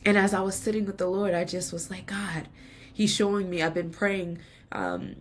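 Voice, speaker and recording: Woman, breathy voice, podcast host, faith testimony, earnest, emotional. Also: on the low side. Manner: earnest and confessional, laughs between lines.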